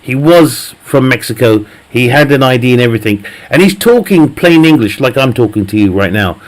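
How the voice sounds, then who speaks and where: A man's voice: mid-range voice, lively intonation, moderate pace. A man live streaming a game, chatting casually with viewers, joking, teasing the chat, laughing often and swearing freely.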